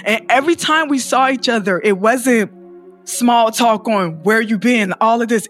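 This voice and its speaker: A woman's voice: fairly high pitch, moderate pace, faint music behind. A woman who is a poet, telling her personal story in an interview and acting out other people's lines. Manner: emotional, acts out other people's lines in lively voices.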